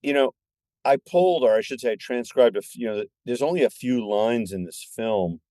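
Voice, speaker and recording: Excitable older man telling stories. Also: mid-range voice, moderate pace, no echo, clean studio sound. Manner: animated, excitable storyteller. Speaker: guest filmmaker. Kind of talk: casual podcast chat.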